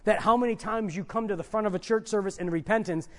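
High-voiced man preaching an emphatic sermon. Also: fast talker. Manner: emphatic, rises loud on key points, then drops to soft asides.

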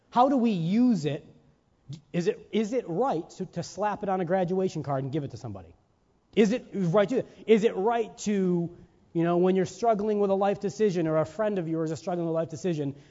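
Male preacher, high mellow voice, sermon with emphatic rhetorical questions, long church-hall reverb, dull lo-fi recording. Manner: rhetorical questions and checks with listeners; emphatic, stressing single words.

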